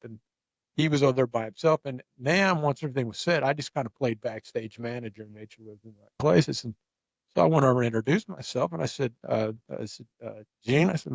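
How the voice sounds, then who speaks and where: This podcast host has a medium-pitched, gravelly male voice recorded without echo. Hosting a casual chat, he spins a long, rambling anecdote in an animated way, often restarting and repeating words as he begins sentences.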